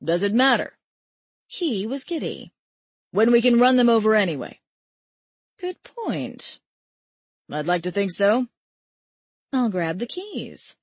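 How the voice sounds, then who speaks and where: A woman narrating an audiobook in the first person with a wry, expressive delivery. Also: medium pitch, slow, long pauses, husky, dry recording.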